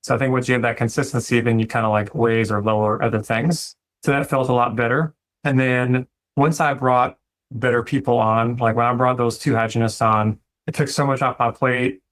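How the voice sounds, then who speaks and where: Relaxed man, dentist guest. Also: medium pitch, a little fast. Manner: relaxed, reflective, acts out dialogue with staff. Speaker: dentist and practice owner. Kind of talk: casual interview talk.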